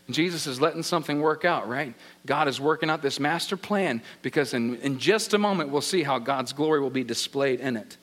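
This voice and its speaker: A man's voice: medium pitch, fairly quick, hardly any pauses, fairly bright tone. A male pastor preaching a sermon, retelling a scripture story in an informal, conversational way. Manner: storytelling, paraphrases scripture in everyday talk.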